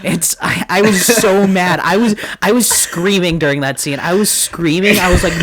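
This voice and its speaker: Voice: mid-range voice, normal speed, few pauses, fairly bright tone. A podcast co-host in casual film-review chat, ranting in anger with heavy swearing and constant filler words.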